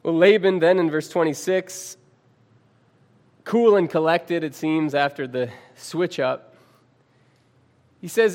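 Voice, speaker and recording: A male preacher giving a sermon, reading scripture aloud with dramatic pauses and calling his listeners friends. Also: on the high side, a little mellow.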